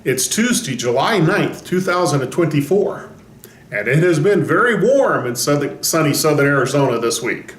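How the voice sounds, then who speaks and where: Speaking as a pastor, a man gives a short devotional and tells the story with folksy humor. His voice is a little high and sing-song at a normal pace, and the recording has a roomy echo.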